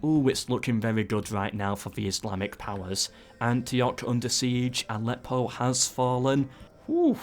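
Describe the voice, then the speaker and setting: Guy commentating a strategy game, lots of "ooh"s, middle pitch. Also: normal speed. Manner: excitable, frequent "ooh"s and asides. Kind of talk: casual play-by-play commentary.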